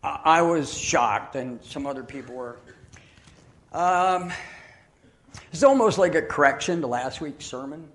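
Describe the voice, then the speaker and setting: A man's voice: fairly high pitch, unhurried, pauses often, fairly bright tone. A man preaching as a guest pastor in a church, telling stories in a folksy, self-deprecating way with plenty of fillers. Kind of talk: sermon with storytelling. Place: church sanctuary.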